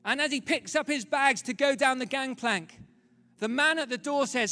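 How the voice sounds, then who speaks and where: High-voiced pastor preaching. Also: male voice, moderate pace. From London, England. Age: 30s. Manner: dramatic storytelling, swinging from loud to hushed. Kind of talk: sermon. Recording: reverberant hall, faint music.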